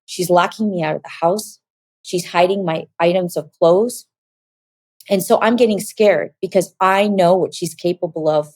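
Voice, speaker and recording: A woman with a low, mellow voice tells her life story as an interview guest. She slips into what people said as she goes, and her voice sounds close and dry. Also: moderate pace, no room sound. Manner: animated, acts out dialogue in quoted voices. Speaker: guest giving a testimony. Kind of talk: personal testimony storytelling.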